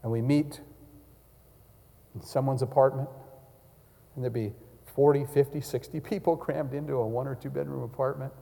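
A male pastor preaching a sermon and communion prayer, swinging from loud cries down to hushed near-whispers. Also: mid-range voice, fairly even intonation, moderate pace, vocal fry, long pauses, long reverb tail.

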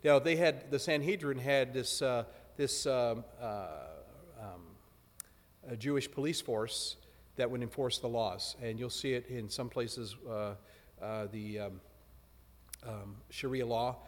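A man preaching a sermon in a relaxed, conversational way, with joking asides. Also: mid-range voice, unhurried. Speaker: pastor. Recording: long hall reverb.

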